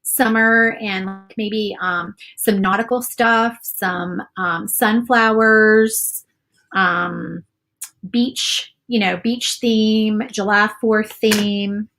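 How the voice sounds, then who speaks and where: A woman's voice: mid-range voice, fairly even intonation, drawn-out words, a bit bright. A woman hosting a casual live craft demo, chatting and reading viewer comments while she paints. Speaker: craft video host.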